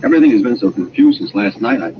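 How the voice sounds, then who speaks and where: A man's voice: medium pitch, wildly swooping pitch, fast talker. An actor playing a bewildered, uneasy young man in a vintage radio drama, who talks hesitantly and stammers. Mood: confused. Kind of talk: old-time radio drama acting. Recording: dull lo-fi old radio recording with hiss.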